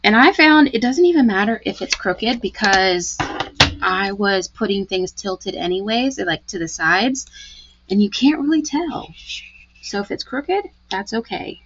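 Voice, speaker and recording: A woman's voice: mid-range voice, lively intonation, a little slow, a bit bright, lo-fi sound, a little hiss or hum. A woman giving a live craft tutorial, chatty and gushing as she talks through each step. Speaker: card-making demonstrator.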